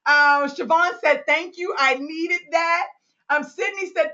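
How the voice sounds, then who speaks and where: A woman's voice: very high voice, takes it slowly, sharp tone, highs cut off. A woman hosting a live Q&A call, reading out listeners' comments and cheering them on with whoops and laughter. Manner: exuberant, whoops and laughs often; hypes up listeners, calls them y'all.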